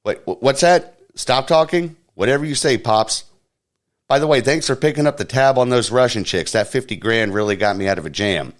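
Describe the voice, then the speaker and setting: A man's voice: mid-range voice, normal speed, pitched above the performer's own voice, natural voice. A podcast host voicing a brash, careless young man in a comedy bit. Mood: cocky.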